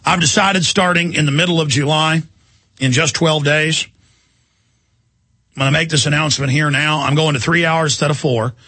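Bright, husky-voiced ranting radio host man. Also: fairly high pitch, fairly even intonation, moderate pace, long pauses, no echo. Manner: combative, insulting, heated ranting. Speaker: radio talk show host. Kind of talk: ranting talk radio monologue. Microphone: studio microphone.

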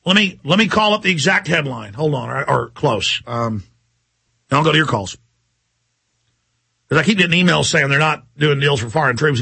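A man's voice: mid-range voice, creaky, sharp tone, slightly rough. A man hosting a talk radio show, ranting in an agitated way and mocking the people he quotes. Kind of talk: heated talk radio monologue.

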